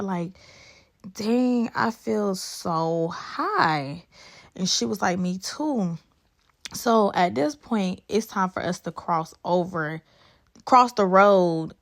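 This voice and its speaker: A young woman in her twenties talks straight to her viewers in a chatty, emphatic storytime. Her voice sits at an ordinary middle pitch for a woman. She keeps calling out to her audience as she goes. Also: fairly bright tone. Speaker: beauty vlogger. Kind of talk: casual storytime to camera.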